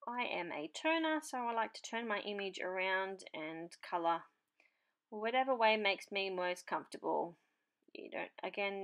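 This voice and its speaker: A woman with a medium-pitched, slightly bright voice hosts a papercraft channel. In a tutorial voice-over she chats casually about her marker colouring, unhurried and talking as she works.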